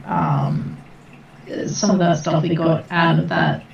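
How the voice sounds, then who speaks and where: A woman playing in a tabletop game, hesitant with frequent pauses. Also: fairly low pitch, little pitch movement, creaky, slight background noise. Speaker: player. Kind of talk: casual tabletop game chat. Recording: echoey dull lo-fi mic.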